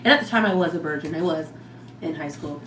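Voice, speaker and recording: A young adult woman telling a story in casual chat, animated and swearing freely, acting out what people said. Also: low-pitched, quick pace. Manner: animated, swears freely, acts out quoted speech. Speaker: podcast co-host. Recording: roomy with faint background noise.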